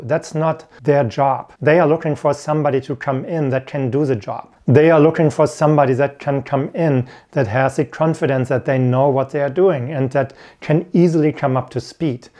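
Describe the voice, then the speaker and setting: A man's voice: a little high, warm tone. A man giving an earnest talk to camera as an IT career coach, repeating his key points. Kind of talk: instructional video talk.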